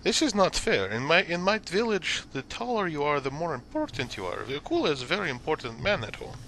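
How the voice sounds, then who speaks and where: A man's voice: on the high side, big pitch swings, a little fast, fairly bright tone, voice pushed up. A man voicing a boastful, brash male fighter who speaks in broken English and calls himself by his own name. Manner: broken English, drops articles. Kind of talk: tabletop role-play.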